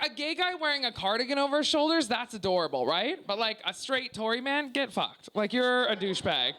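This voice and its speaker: Loud, brash Canadian woman doing stand-up. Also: on the high side, sing-song, fairly quick, hardly any pauses. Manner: loud, brash and profane, teasing the crowd. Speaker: stand-up comedian. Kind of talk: stand-up set at a work-in-progress preview. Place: small comedy club before a live audience.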